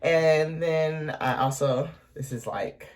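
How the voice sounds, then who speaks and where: A woman in her thirties talking haltingly to camera at home in a confessional vlog, close to tears, full of ums and pauses. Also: low voice, darkish tone. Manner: hesitant, halting, many ums, emotional. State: on the verge of tears. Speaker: vlogger.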